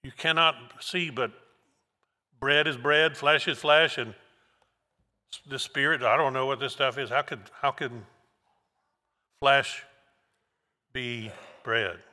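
A man preaching a sermon verse by verse, slow and emphatic, repeating key words for weight. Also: mid-range voice, steady tone, sharp tone. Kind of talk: expository sermon. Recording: long hall reverb.

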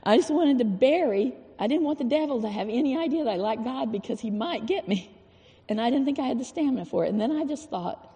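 A woman's voice: on the high side, expressive, fast, mellow, highs cut off. Woman, informal sermon, folksy and earnest, repeats phrases, long reverb in a big hall. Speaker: church speaker.

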